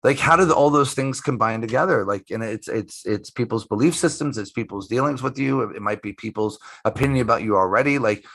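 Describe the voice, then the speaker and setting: A man's voice: mid-range voice, a little fast, few pauses, a bit bright, no room sound. Emphatic, swearing middle-aged man telling a story. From United States. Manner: emphatic, profane, repeats himself. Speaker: guest magician. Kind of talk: casual interview storytelling.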